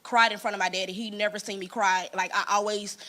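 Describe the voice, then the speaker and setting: A woman's voice: mid-range voice, quick pace. A woman, sharing a personal testimony in an earnest, conversational way. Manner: earnest storytelling, quotes people in lively voices. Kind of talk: casual church talk, personal story.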